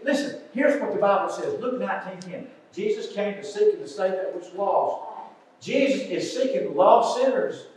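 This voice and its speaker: An older man preaching an earnest sermon, moving between loud pleas and quiet asides. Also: sits high, lively intonation, normal speed. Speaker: pastor. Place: church sanctuary. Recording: echoey church sanctuary, distant mic.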